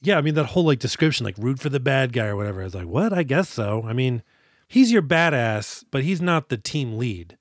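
Casually discussing movies as a podcast co-host, this man speaks briskly at medium pitch with big swings in his intonation. His talk is loose and rambling, full of false starts, self-interruptions and mock-voiced character quotes. The recording is close-miked in a dead, dry room with no room sound.

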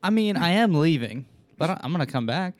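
Casting: male co-host on the board, deadpan joker, swears, slightly high voice, dry close mic. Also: fairly quick, no room sound. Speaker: podcast co-host running the sound board. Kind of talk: casual chat.

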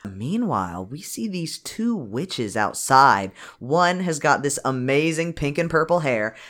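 Animated, joking podcast host. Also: medium pitch, measured pace. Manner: lively, joking, swears freely, acts out characters' lines. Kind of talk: casual movie recap chat.

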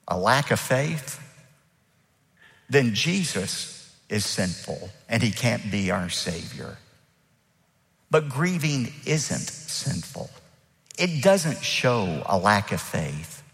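A man's voice: lowish voice, big pitch swings, slow, long pauses, a bit bright, big-room sound. A man preaching a sermon as the pastor, emphatic, and acting out the lines he quotes.

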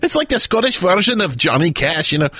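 A man co-hosting a comedic talk show, riffing and joking with his partner and quick to laugh. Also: sits high, very animated, sharp tone, slightly rough, dry recording. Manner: jokey, quick to laugh and riff. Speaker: co-host.

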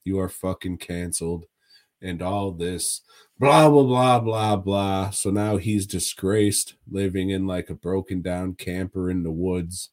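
A man's voice: deep voice, fairly even intonation, slow, a little mellow. A man co-hosting a podcast, casually reviewing movies in a laid-back, profane way with frequent chuckles. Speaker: podcast co-host.

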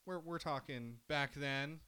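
A man with a bright, forceful voice recaps a video game in loose, casual chat. He tells it with lots of energy, swears freely and slips into the characters' lines as he goes. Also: on the high side, unhurried, clear, resonant tone. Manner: animated storytelling with profanity, acting out characters. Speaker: podcast co-host.

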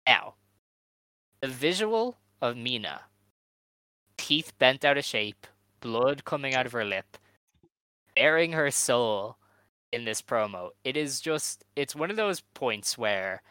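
Man, podcast chat, earnest, lots of ums, forceful tone, crisp voice. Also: medium pitch, big pitch swings, slow, long pauses, dry recording, rough recording. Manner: thoughtful, earnest, frequent ums. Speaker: wrestling podcast panelist.

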